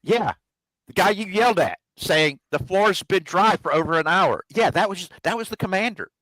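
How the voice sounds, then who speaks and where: Expressive and high, with a fairly bright tone, the podcast host's voice moves at normal speed through a long personal story on a casual live chat. He's colloquial and foul-mouthed and acts out quoted people. The recording is dry and low quality.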